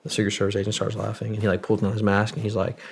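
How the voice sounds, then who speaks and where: Gravelly low-voiced young man telling a story. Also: monotone, rapid-fire. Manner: profane, loose delivery full of "like" fillers. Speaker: podcast guest, Marine veteran. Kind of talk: casual storytelling.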